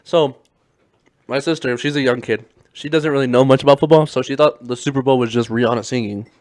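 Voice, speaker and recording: A man hosts a relaxed podcast conversation at a medium pitch. He tells loose, profane stories and breaks into laughter often. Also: fairly quick. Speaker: podcast host. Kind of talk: casual chat.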